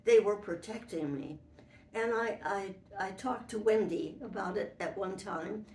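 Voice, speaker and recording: A woman's voice: medium pitch, a little slow, darkish tone, slight background noise. Older woman reminiscing, distant and roomy. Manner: rambling and anecdotal, with restarts. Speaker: interviewee, former model for an animated fairy. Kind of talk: reminiscing interview. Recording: roomy, from away from the mic.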